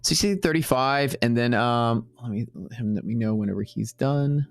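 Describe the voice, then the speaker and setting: A man's voice: medium pitch, normal speed, hardly any pauses, faint music behind. A man hosting a live day-trading stream, talking loosely and rambling, with some casual swearing. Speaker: day-trading livestream host.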